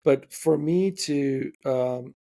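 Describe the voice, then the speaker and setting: A man's voice: mid-range voice, extremely slow, gravelly. A man hosting a podcast, chatting casually and telling stories with lots of fillers and asides. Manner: storytelling, animated, many fillers. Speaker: podcast host. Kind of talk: casual interview conversation.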